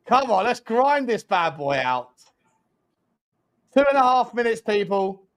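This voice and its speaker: Excitable, high-pitched football fan host. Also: male voice, a little slow. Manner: animated, mocking banter at the screen. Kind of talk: football watch-along chat.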